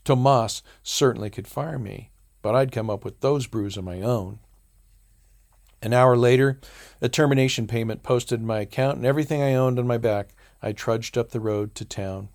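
A man reading a first-person story aloud as an audiobook narrator, in a measured, dry storytelling manner. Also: medium pitch, vocal fry, a little mellow.

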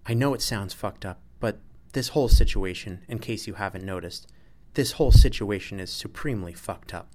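A man reading aloud, voicing a male astronaut who talks in an agitated, strained way and gets loud when upset. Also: lowish voice, normal speed, hardly any pauses, a little hiss or hum, close to an everyday voice. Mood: shaken.

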